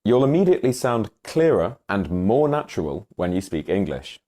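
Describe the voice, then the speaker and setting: A man presenting a scripted English pronunciation lesson in a clear, instructive way. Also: lowish voice, sing-song, normal speed, mellow. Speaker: online English teacher.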